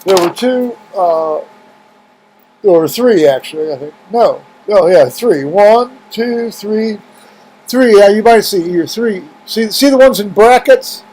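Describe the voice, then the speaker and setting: A man's voice: high voice, lively intonation, takes it slowly, darkish tone, rough recording. A middle-aged man talking casually to camera in a video blog at home, rambling with many restarts and fillers. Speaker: video blogger. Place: home room with heaters running.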